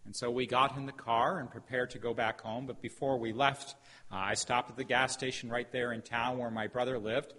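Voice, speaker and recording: A middle-aged man preaching a sermon as a pastor, telling a story with emphatic pauses. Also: medium pitch, level tone, sharp tone. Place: church sanctuary. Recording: hall reverb, faint background noise.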